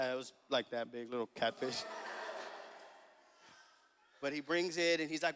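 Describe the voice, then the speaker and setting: Speaking in a sing-song, unhurried way with long pauses, a thirty-something pastor relates a family anecdote from the pulpit, laughing casually and voicing the characters. His voice is a little high with a sharp tone. The sanctuary adds a long, hall-like echo.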